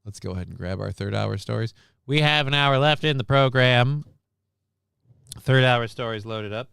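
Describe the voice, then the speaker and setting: A man's voice: medium pitch, moderate pace, vocal fry, fairly bright tone, clear, resonant tone. A man hosting a livestream news show in casual chat, rambling, sarcastic and profane.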